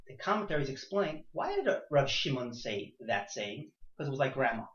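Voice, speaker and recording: A man teaching a class, firing off rhetorical questions and swinging between quiet points and loud emphatic ones. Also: sing-song, brisk. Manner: rhetorical questions, sudden rises in pitch and loudness. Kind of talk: class discussion. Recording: echoey room, dull lo-fi sound.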